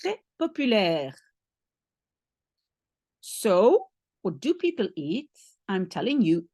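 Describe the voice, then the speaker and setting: Slow, husky woman teacher. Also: mid-range voice, very animated, a little mellow, no room sound, studio quality. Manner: patient, step-by-step explaining with frequent rephrasing. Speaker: language teacher. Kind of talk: explaining a French lesson to one learner.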